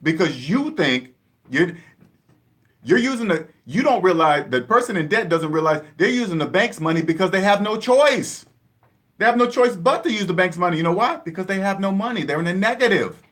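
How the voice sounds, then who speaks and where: A man's voice: high voice, expressive, a little fast, a bit bright. A man from the Seattle area giving an emphatic, repetitive money lecture in a casual vlog monologue. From Seattle area, USA. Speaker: personal finance vlogger.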